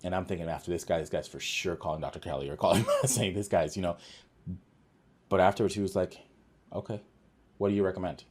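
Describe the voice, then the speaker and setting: Low husky man telling work stories. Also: fast, pauses often. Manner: earnest, animated retelling with quoted dialogue and many restarts. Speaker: office manager, podcast guest. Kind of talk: casual conversational storytelling.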